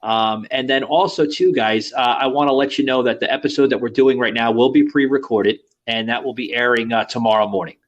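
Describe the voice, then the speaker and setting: A man's voice: medium pitch, steady tone, a little fast, few pauses, highs cut off. Brief: male podcast host, casual and crude, rambling delivery. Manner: rambling, filler-heavy, crude banter.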